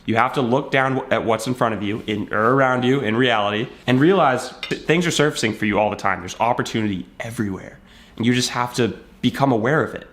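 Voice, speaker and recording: A man's voice: medium pitch, brisk, a bit bright, slight background noise. A man giving a casual motivational talk to camera, telling a story and acting out bits of dialogue in a conversational way. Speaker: self-help video creator.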